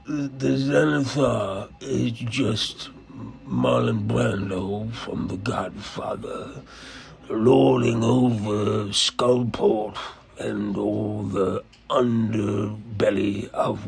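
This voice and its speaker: Gravelly, whispering underworld boss, very slow and low. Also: male voice, darkish tone, exaggerated voice. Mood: brooding. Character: raspy old male crime lord.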